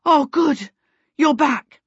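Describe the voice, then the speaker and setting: A woman's voice: a little high, normal speed, a bit bright, slightly rough, no echo, lo-fi sound, pitched above the performer's own voice. A woman voicing a harassed young boy who chatters eagerly.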